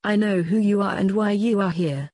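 A woman reading a story aloud, voicing a stern grown man who is a secret agent and a father, in a husky, matter-of-fact way. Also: medium pitch, normal speed, warm tone, dry recording, close to an everyday voice.

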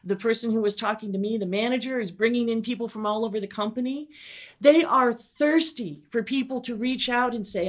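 A middle-aged woman, a guest and teacher, telling lively anecdotes in an interview and acting out what people said. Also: on the high side, a little fast. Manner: animated, enthusiastic, acts out quotes.

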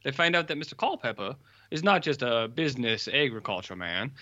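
A man's voice: mid-range voice, big pitch swings, brisk, pushed and bright, highs cut off. A man co-hosting a podcast, rambling casually as he retells a film and drops into character voices. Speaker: podcast co-host. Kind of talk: casual chat, recapping a film.

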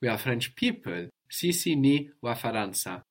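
A man with a mid-range, sing-song voice leads a language lesson, patiently running word drills, slowly repeating what the learner says and praising it.

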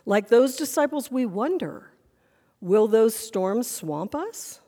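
A woman's voice: fairly high pitch, big pitch swings, slow, dark tone, in a large hall. A woman pastor preaching a sermon in a church sanctuary, earnest and full of questions.

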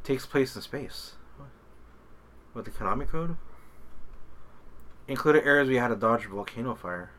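A man's voice: mid-range voice, animated, normal speed, pauses often. A man hosting a podcast, thinking aloud and muttering hints to himself during a music quiz. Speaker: podcast host. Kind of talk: casual chat, playing a music quiz. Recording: loud music behind the voices. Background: loud game music.

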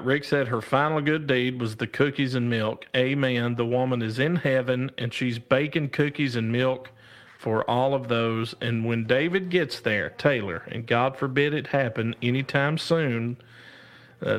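Man, live-stream host, slow easygoing pace, reads out comments, laughs a lot, exclaims to God. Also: mid-range voice. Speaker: live show host reading viewer comments. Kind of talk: casual live-stream chat.

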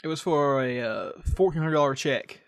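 A man's voice: fairly high pitch, moderate pace, fairly bright tone. A young man from the United States co-hosting a casual podcast chat, ranting sarcastically and swearing often. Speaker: podcast co-host.

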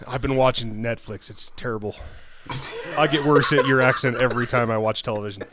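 A man's voice: medium pitch, fairly even intonation, fairly quick, a crowd in the background. An American man guesting on a podcast, chatting casually in a self-deprecating, joking way. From United States. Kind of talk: casual chat.

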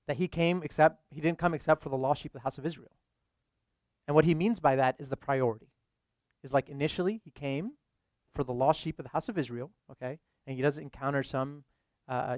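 A man's voice: fairly high pitch, dry recording, studio quality. Casual young male priest preaching. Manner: casual, many "like" fillers. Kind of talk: conversational sermon.

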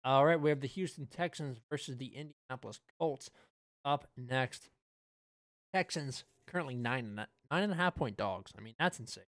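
A man co-hosting a podcast, talking through sports bets in a relaxed, loose way with frequent fillers. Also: medium pitch, normal speed, no room sound, studio quality. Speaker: podcast co-host. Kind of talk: casual sports betting chat.

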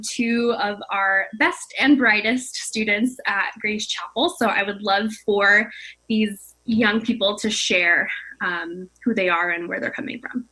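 A woman's voice: medium pitch, sharp tone, low-quality recording. A woman who directs a youth ministry, interviewing students in a friendly, hesitant way with frequent fillers. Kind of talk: casual interview.

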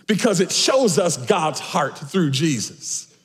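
A pastor preaching with emphatic swings between loud, shouted lines and soft asides. His voice sits high for a man, and it rings out through a reverberant church hall. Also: sing-song, takes it slowly. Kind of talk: sermon.

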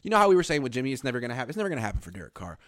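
A man's voice: medium pitch, sing-song, rapid-fire, dry recording, studio quality. Blunt sarcastic man hosting a sports show. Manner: blunt, sarcastic, reads viewer comments aloud. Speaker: podcast host. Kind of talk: casual sports talk.

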